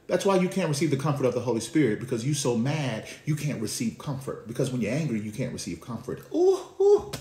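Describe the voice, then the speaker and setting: A man preaching from the pulpit in a conversational, slangy style. His voice sits a little high and drops to a hush before rising to shouted call-and-response. The sound echoes around a reverberant room. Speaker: pastor. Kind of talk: sermon.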